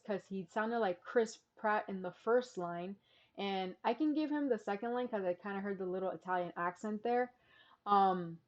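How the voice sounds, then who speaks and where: A woman's voice: mid-range voice, darkish tone. Chatty woman vlogger, slightly muffled. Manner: chatty, frequent "like" and "um" fillers. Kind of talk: casual reaction commentary.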